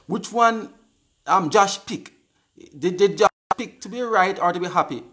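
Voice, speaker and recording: A man's voice: sits high, measured pace, pushed and bright. Chatty Jamaican man hosting a live show. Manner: upbeat, chatty, repeats words, answers comments aloud. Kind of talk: casual live-stream chat, reading viewer comments.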